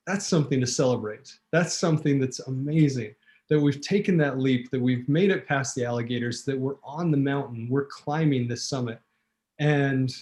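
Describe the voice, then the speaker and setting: A man telling a vivid personal story as a talk show guest, acting out quotes, with fillers and restarts. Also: mid-range voice. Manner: animated storyteller, acts out quotes.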